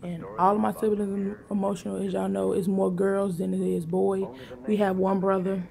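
A woman's voice: mid-range voice, flat delivery, normal speed, creaky, warm tone. A woman talking casually and emotionally to her vlog viewers, rambling in slangy speech from a car. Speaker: vlogger.

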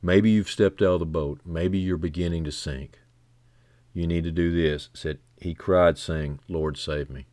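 A man preaching a sermon who builds from quiet, low passages to loud, fervent climaxes and repeats key phrases for emphasis. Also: steady tone, moderate pace, dry recording.

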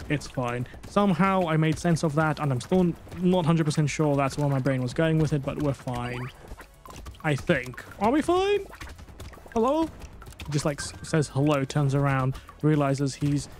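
A tired man commenting on his gameplay, English not his first language, rambling and self-mocking. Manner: excitable, rambling, self-mocking, jumps to high squeaks when panicking. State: tired late at night. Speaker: gaming YouTuber.

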